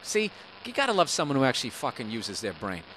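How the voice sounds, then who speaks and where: A man's voice: mid-range voice, wildly swooping pitch, fast talker, fairly bright tone, slight background noise, rough recording. A man hosting a podcast, ranting in a rambling, profane, sarcastic way from a hotel room on a single microphone. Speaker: podcast host. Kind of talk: rambling comedic podcast rant. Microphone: single microphone, no headphones.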